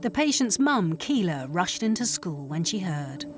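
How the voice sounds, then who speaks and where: Woman narrating a documentary, lively. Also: fairly low pitch, over music. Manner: measured, explanatory. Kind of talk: scripted narration.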